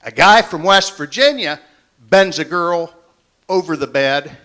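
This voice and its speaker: A man's voice: a little high, measured pace, sharp tone. A man in his fifties doing a folksy, self-deprecating stand-up set on a comedy club stage. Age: 50s.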